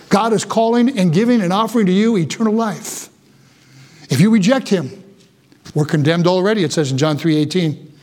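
A man preaching with a strikingly high voice. He delivers a fervent sermon as a pastor, dropping low and soft for solemn warnings and climbing again as he urges his listeners.

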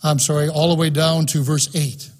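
A man preaching a sermon in an auditorium, fervent and emphatic, swinging between soft and loud passages. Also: fairly high pitch, little pitch movement, moderate pace. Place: auditorium, live-streamed.

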